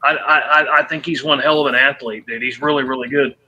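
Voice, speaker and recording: A man's voice: mid-range voice, fairly even intonation, brisk, bright, forceful tone, dull audio. A man hosting a casual sports talk stream over a remote call mic, joking and rambling with restarts.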